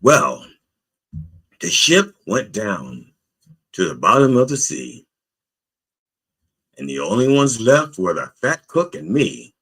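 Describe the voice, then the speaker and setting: A man's voice: medium pitch, sing-song, takes it slowly, creaky, pauses often, a bit bright, slightly rough, voice pushed up, full character voice. A man voicing a desperate shipwrecked man who pleads with God, in a raised, strained voice. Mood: storytelling. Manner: pleading, then singing joyfully.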